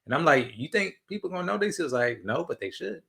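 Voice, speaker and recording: Young man, podcast host, relaxed, asks questions, bright voice. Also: a little high, fast, vocal fry. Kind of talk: casual interview chat.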